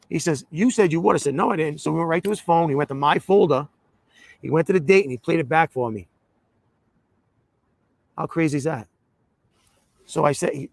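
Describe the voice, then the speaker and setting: A former state representative in an interview, recounting events animatedly and acting out both sides of phone calls. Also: male voice, medium pitch, no echo. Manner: animated, quotes dialogue with mocking jokes. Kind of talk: interview storytelling.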